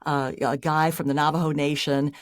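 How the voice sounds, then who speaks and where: A woman's voice: low voice, normal speed, dry recording, studio quality. A middle-aged woman, an airline pilot and audiobook narrator, telling stories in a casual interview with frequent laughs and sudden rises for emphasis. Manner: animated storyteller, laughs often, voice jumps up for emphasis.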